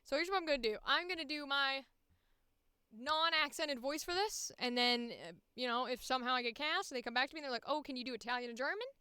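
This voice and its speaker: A woman's voice: high voice, a little fast, bright, forceful tone, dry recording, clean studio sound. A woman voice actor chatting casually on her livestream, thinking aloud and laughing at herself. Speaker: voice actor streamer.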